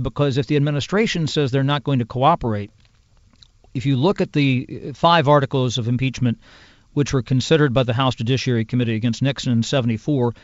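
A man who is a congressional news producer, explaining in a measured, detailed way as a podcast guest. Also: mid-range voice, no echo. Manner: measured, explanatory, piles up clauses and examples. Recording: dull lo-fi sound.

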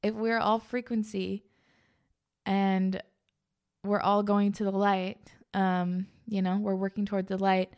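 A woman podcast host talks in a loose, heartfelt way, her sentences trailing into "like" and "um." Her mid-pitched voice carries a steady gravelly fry at the ends of phrases. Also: measured pace. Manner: gushing, earnest, full of "like" and "um". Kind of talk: casual spiritual podcast chat.

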